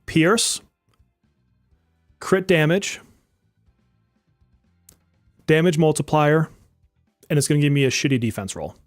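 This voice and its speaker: Lively, exasperated male game streamer. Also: fairly high pitch, slow, pauses often, no room sound, studio quality, soft background music. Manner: exasperated, joking, swears and laughs often; talks to chat viewers directly. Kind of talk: live-stream gaming commentary.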